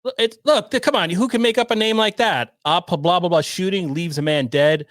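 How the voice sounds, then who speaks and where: Guy hosting a podcast stream, sarcastic rambly commentary, kinda high voice, dry close sound. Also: a little fast, fairly bright tone, no room sound. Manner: sarcastic, rambling, reacting to a clip. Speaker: podcast host. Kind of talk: casual livestream commentary.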